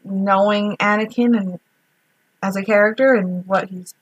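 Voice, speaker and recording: Husky woman chatting casually about films. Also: mid-range voice, fairly even intonation, measured pace, lo-fi sound. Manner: chatty, swears casually, laughs often. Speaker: podcast co-host. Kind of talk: casual film-rewatch chat.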